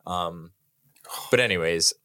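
A young man co-hosting a podcast, telling a long story in a casual, animated, self-mocking way and swearing freely. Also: low voice, slow pace, clear, resonant tone. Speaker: podcast co-host.

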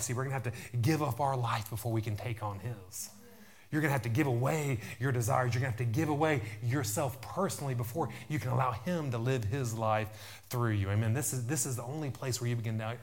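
Fervent man preaching a sermon. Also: medium pitch. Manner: fervent, repetitive preaching with many amens.

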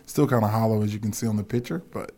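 Man, low voice, gravelly, storytelling, casual podcast guest. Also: rapid-fire, dark tone. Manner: storytelling, laughs while talking. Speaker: guest, football coach.

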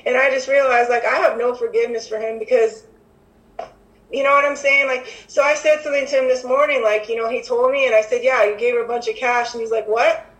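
A woman's voice: sits high, steady tone, quick pace, fairly bright tone, low-quality recording. A woman sharing frankly at a recovery meeting, rambling with many "like" and "you know" fillers. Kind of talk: casual recovery-meeting share.

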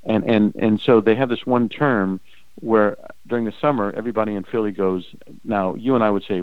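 An older man and former game show host, telling animated anecdotes in a casual interview, often acting out quoted voices. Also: lowish voice, brisk, no echo, narrow, tinny audio.

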